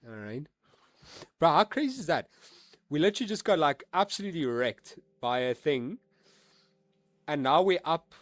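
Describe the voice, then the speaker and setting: Brief: male live-streamer, pitched a touch high, excitable and slangy with loose swearing, dry close sound, faint music behind. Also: normal speed, long pauses, no room sound. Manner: excitable, laughing, swears freely, street slang. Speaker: livestreaming forex trader. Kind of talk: casual live-stream chat to viewers.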